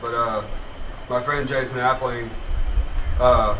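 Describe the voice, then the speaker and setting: A man speaking quietly at an outdoor memorial on behalf of a friend. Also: medium pitch, steady tone, slow. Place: outdoor gazebo. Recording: echoey, distant, noisy.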